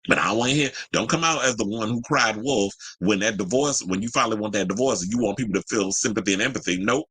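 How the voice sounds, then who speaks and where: A man's voice: on the low side, fast, a bit bright, breathy edge, dry recording, poor audio. A man hosting a celebrity news commentary show, ranting bluntly and heatedly, with a lot of cursing. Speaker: commentary host.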